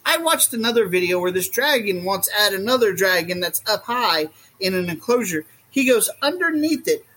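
A man talking as a guest in a casual podcast chat, rambling and animated, often acting out what others say. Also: sits high, moderate pace. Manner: rambling and animated, acts out quotes. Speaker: guest, reptile keeper.

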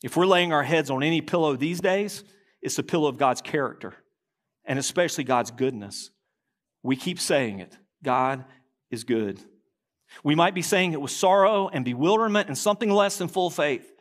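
An animated pastor preaches a sermon and reads quotations aloud, slowing down and dropping his voice low at the key lines.

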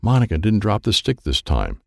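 A man narrating a children's story in an expressive, playful read with sound effects. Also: on the low side, moderate pace, vocal fry, dry recording, studio quality. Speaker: audiobook narrator.

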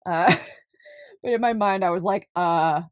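A young woman from California, talking casually in a solo podcast, chatty and quick to laugh at herself. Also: medium pitch, dry recording, clean studio sound. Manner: chatty, laughs often, self-deprecating.

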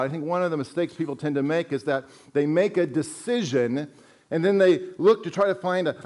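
High-voiced man preaching a sermon. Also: a little mellow. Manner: earnest, emphatic preaching with repeated phrases. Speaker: pastor.

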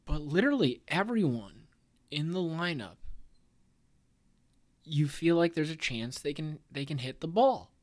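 A man's voice: on the high side, lively intonation, unhurried, pauses often, a little mellow. A man hosting a casual sports podcast, talking in a playful, jokey way and hyped about his team. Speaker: podcast host.

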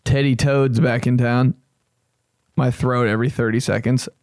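A man's voice: mid-range voice, steady tone, moderate pace, darkish tone, no room sound. A man hosting a comedy podcast, riffing loosely and profanely, joking as he reacts, on a close mic. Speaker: podcast host.

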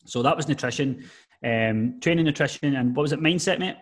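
A man at a middle pitch, talking as a personal trainer guest on a podcast. He gives advice earnestly and emphatically, often dropping "mate" into his sentences in a relaxed conversational way. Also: a little fast. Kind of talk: casual podcast chat.

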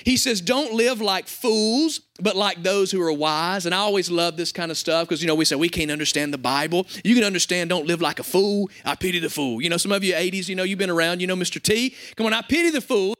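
A man's voice: high voice, fairly even intonation, fast, hardly any pauses, fairly bright tone. A young adult man pastor preaching a sermon to his congregation, conversational and joking.

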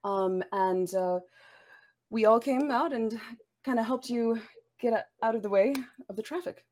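A woman's voice: a little high, a little slow, darkish tone. Woman player, hesitant and soothing.

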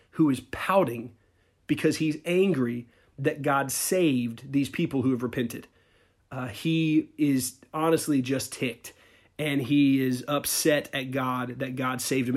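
A male pastor preaching a sermon, telling a Bible story in a conversational, animated way with casual asides. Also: medium pitch.

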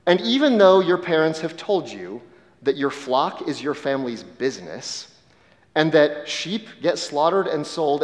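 A male pastor preaching in a big sanctuary, his voice carrying a long hall reverb. He tells a vivid story straight to the listener, sinking soft and slow at the heavy moments. Mid-pitched, an ordinary man's voice. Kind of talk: sermon told as second-person story.

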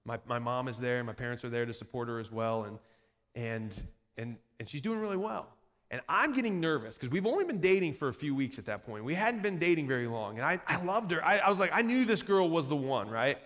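A pastor telling a personal story in a sermon, animated and self-mocking, laughing often at himself. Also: male voice, mid-range voice, a little fast. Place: church sanctuary. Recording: echoey hall reverb.

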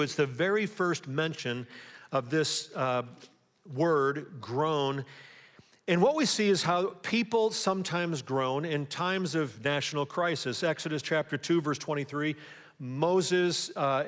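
Pastor preaching in a reverberant hall. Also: male voice, a little high, unhurried, fairly bright tone. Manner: conversational preaching, asks the congregation rhetorical questions. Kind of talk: sermon.

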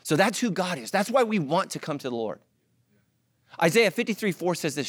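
A middle-aged male pastor preaches with a lively, swinging voice that jumps high and drops low. He mixes teaching with playful asides to his congregation. The sound is close and dry. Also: a little fast, husky, no echo. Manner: animated, joking asides to the congregation. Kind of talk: sermon.

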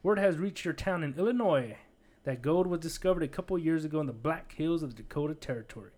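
A man's voice: a little high, expressive, quick pace, darkish tone. A man casually reading a choose-your-own-adventure book aloud, breaking off with jokey asides. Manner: jokey, digressive, laughs at his own asides.

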